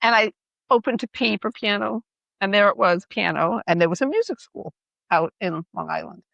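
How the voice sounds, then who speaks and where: A middle-aged woman from New York, co-hosting a podcast and telling animated, laughing stories in casual chat. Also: mid-range voice, moderate pace, creaky, no room sound, dull audio. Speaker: podcast co-host.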